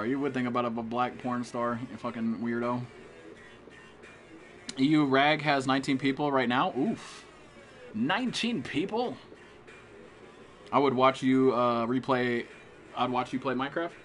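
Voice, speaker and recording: Dude live-streaming a game, swears nonstop and talks trash, ordinary pitch, bit of music playing quietly. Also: male voice, level tone, fairly quick. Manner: profane trash-talk, greeting chat viewers. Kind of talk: live gameplay commentary.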